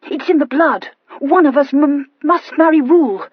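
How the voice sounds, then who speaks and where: A woman's voice: sits high, moderate pace, dry recording, muffled recording, voice pushed up, natural voice. A woman voicing a blunt, obstinate young girl who speaks tensely with a slight stammer.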